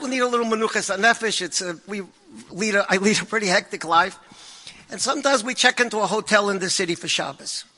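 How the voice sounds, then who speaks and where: A man telling stories to an audience in an animated way, repeating phrases and dropping Yiddish and Hebrew words. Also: sits high, big-room sound. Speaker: guest speaker telling stories. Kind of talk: storytelling talk to an audience.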